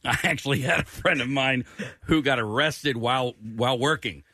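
A man on a radio show telling a relaxed personal anecdote in casual banter. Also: medium pitch, normal speed, dry recording, studio quality.

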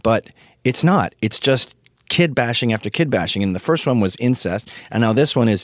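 Fifty-something guy ranting, swears a lot, low voice that jumps around, dry close sound. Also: normal speed, no echo. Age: 50s. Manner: profane, opinionated, animated. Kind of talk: casual ranting monologue.

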